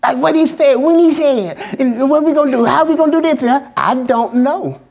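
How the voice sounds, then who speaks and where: A man's voice: very high voice, brisk, vocal fry, darkish tone. A man preaching a sermon as pastor, in a colloquial, folksy style, repeating phrases in a call-and-response cadence.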